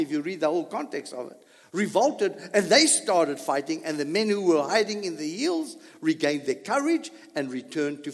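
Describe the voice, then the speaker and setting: A man preaching a sermon, animated, asking his audience questions and repeating points for emphasis. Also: fairly high pitch, in a large hall.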